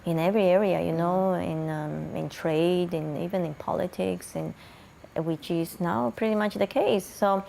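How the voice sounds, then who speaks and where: A woman's voice: on the low side, fairly even intonation, normal speed, creaky, dark tone, slight background noise. A woman from Brazil, a guest in an interview, telling her life story in a chatty way with frequent light laughter.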